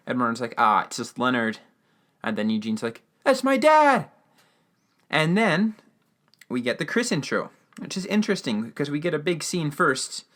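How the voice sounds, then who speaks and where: A man's voice: medium pitch, fairly bright tone. A man hosting a podcast, giving a casual, rambling recap of a radio drama episode with lots of fillers and restarts. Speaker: podcast host.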